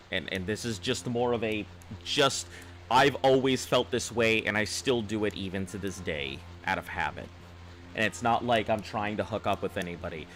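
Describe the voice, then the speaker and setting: A low-pitched man talks loosely on a live stream, often backing up to restart a phrase. He reads viewer comments aloud between stretches of advice. Faint music plays behind him. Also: sharp tone. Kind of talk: casual live-stream chat.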